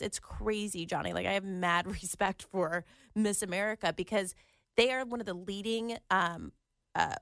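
A woman's voice: mid-range voice, fairly bright tone, dry recording, studio quality. A woman co-hosting a casual chat while sick with a sore throat and a cold, talking in a rambling way full of fillers. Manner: chatty, rambling, lots of "like" fillers. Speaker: podcast co-host.

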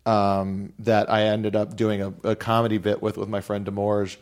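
A man's voice: fairly low pitch, little pitch movement, moderate pace, darkish tone. A man chatting casually on a podcast, rambling through a story with lots of fillers. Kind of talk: casual chat.

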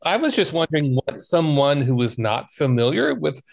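A man's voice: fairly high pitch, big pitch swings, moderate pace, creaky. A man co-hosting a casual film podcast, asking questions in short, curious remarks. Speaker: podcast co-host.

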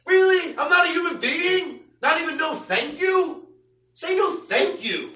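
Man putting on a high, shouty, self-pitying loser. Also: lively intonation, measured pace, reverberant, recorded from a distance, slight background noise, exaggerated voice. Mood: indignant rant. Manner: shouting, indignant, whiny. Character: frustrated rejected man ranting to friends.

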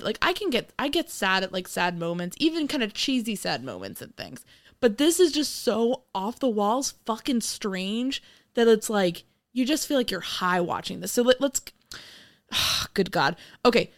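Animated, profane woman reviewing a movie. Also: mid-range voice, moderate pace. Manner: animated, profane, laughs a lot. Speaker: podcast co-host. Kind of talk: casual movie review chat.

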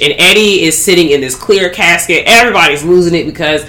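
A woman hosting a podcast, recapping a movie in animated, profane slang. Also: lowish voice, fast. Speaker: podcast host. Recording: roomy echo.

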